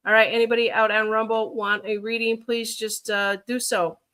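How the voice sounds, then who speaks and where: Chicago woman hosting a loose livestream, bright tone, lots of ums and thinking aloud. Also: a little high, flat delivery, normal speed. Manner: rambling, thinks aloud with many fillers. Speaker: livestream reader. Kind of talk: casual livestream chat.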